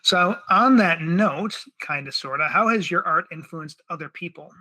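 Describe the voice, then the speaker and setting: A man's voice: a little high, moderate pace, sharp tone. A man hosting a casual interview, laughing along and reacting eagerly. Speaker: podcast host.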